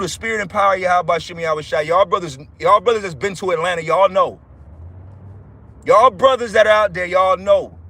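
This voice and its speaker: A man's voice: sits high, a bit bright. A man preaching fervently on a livestream, repeating himself, swearing and calling his listeners brothers. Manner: fervent, repetitive, profane, addresses listeners as brothers.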